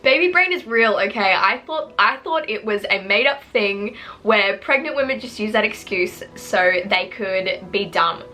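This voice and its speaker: Bright, teary young woman. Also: medium pitch, unhurried, hardly any pauses, rough recording. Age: 20s. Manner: earnest, tearful, rambling with many fillers. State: teary and emotional. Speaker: vlogger. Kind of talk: emotional personal vlog to camera. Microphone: camera mic, sitting close.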